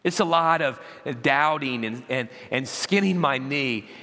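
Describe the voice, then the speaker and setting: A man preaching a sermon as pastor, telling animated stories and acting out parents and children. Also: mid-range voice, unhurried. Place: large church auditorium. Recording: long church hall reverb.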